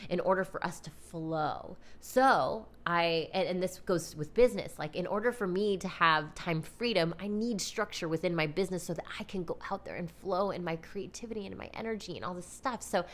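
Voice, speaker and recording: A woman hosting a podcast, telling a personal story in a casual, animated, chatty way, full of "like" and "you know". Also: on the low side, moderate pace, hardly any pauses. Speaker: podcast host.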